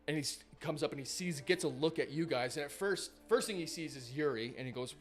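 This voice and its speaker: A man narrating a live tabletop game as game master, in a casual, rambling way full of fillers and the odd swear. His voice sits a little higher than most men's, with faint music underneath. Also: fast, few pauses.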